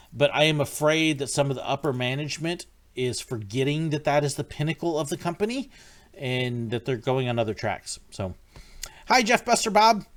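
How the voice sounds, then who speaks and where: A man hosting a casual livestream, answering viewer questions in a rambling, friendly way with frequent ums. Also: medium pitch. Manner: friendly, greets viewers by name. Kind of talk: casual live-stream chat.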